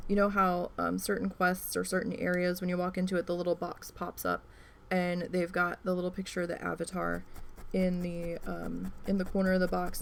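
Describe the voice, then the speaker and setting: A woman chatting casually as a crafting vlogger, rambling with lots of fillers and some swearing, getting animated as she tells a story. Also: on the low side, gravelly, slight background noise. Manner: rambling, profane, many "um" and "like" fillers; animated when retelling a story.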